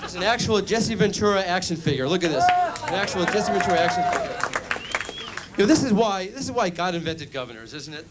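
A man performing a stand-up comedy routine on a club stage, delivering deadpan jokes and playing mock call-in phone bits. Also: sits high, fast talker, over a noisy crowd, very noisy.

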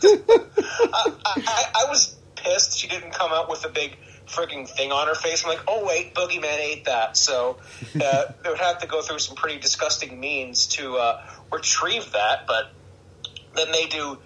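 Bright, excitable male podcast host. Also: on the high side, a little slow, poor audio. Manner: excitable, laughs often, animated. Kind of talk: casual chat.

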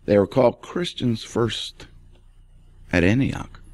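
A man's voice: lowish voice, lively intonation, takes it slowly, darkish tone, no room sound. A male pastor preaching an emphatic radio sermon and speaking straight to the listener.

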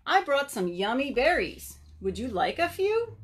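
A woman's voice: high-pitched, sing-song, a little slow, voice pushed up. A woman voicing a friendly, easygoing male fox in a storybook read-aloud, cheerful and offhand.

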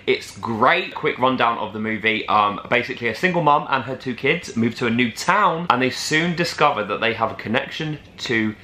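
A young man, vlogging in an excitable, chatty way as he talks to the camera. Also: medium pitch, normal speed, few pauses, reverberant. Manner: excitable, chatty, lots of "like" and "oh my God". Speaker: travel vlogger. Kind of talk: casual vlog chat to camera.

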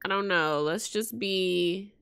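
Young woman, let's play host, bright tone, slow and chatty, slangy. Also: mid-range voice, gravelly, smooth. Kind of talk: casual game commentary.

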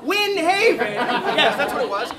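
A man's voice: very high-pitched, sing-song, normal speed. A man, a bard at a medieval reenactment feast, telling a comic tale in a mock-heroic, laughing manner to a live audience. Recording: distant mic amid loud crowd. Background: audience laughter and chatter.

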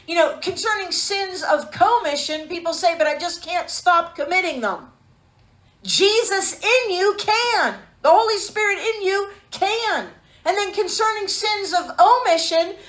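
Woman preacher, high voice, emphatic sermon delivery, echoey room. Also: a bit bright. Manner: emphatic, calls for amens, rhetorical questions.

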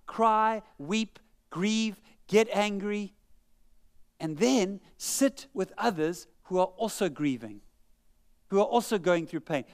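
A man's voice: high-pitched, smooth. A man preaching a sermon in church, conversational and humorous, joking at his own expense. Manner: humorous, conversational preaching with self-mocking jokes. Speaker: pastor.

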